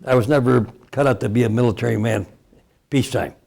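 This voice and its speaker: A man's voice: medium pitch, fast, gravelly, a little mellow. A man in his eighties from Cleveland, Ohio, a veteran telling his story in an oral history interview, rambling and chuckling often. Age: 80s.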